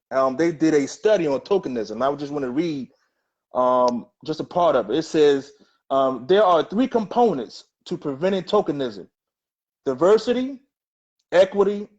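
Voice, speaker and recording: Halting, muffled man hosting a talk show. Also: on the high side, a little mellow. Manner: halting, many restarts and fillers. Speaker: host. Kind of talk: casual talk-show conversation. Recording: dull lo-fi sound.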